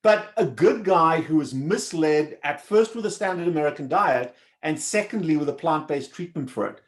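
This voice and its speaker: A man's voice: on the high side, lively intonation, normal speed. A man from South Africa, a surgeon guest on a podcast, agreeing and telling stories in casual chat.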